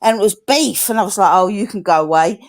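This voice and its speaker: A woman's voice: medium pitch, fast talker. A middle-aged woman from England in casual chat on a live stream, frank and chatty, swearing freely.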